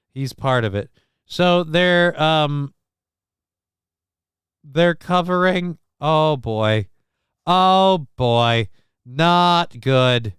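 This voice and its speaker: A man's voice: a little high, a bit bright, clean tone, no echo. Guy hosting a stream, rambling sarcastic takes on clips, super clean dry audio. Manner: rambling, sarcastic, mock voices for people in clips. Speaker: show host. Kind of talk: casual live-stream commentary on news clips.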